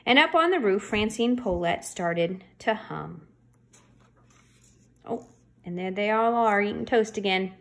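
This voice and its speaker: A woman reading a children's chapter book aloud, chatty asides and lively, playful changes of voice for the characters. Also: medium pitch, measured pace, long pauses. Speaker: storybook reader.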